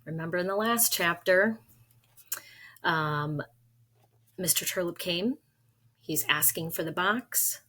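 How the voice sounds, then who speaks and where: A woman reading a children's novel aloud at an unhurried pace. Her voice is low and slightly husky. She recaps the story gently, then reads on steadily with expression. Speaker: reader.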